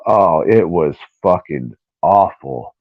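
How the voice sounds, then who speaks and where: A man co-hosting a podcast, ranting bluntly and swearing as he talks. His voice sits fairly low and his delivery is slow and drawn out. The sound is dry and dull, like a lo-fi recording. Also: animated, no echo. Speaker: podcast co-host. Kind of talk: casual podcast chat.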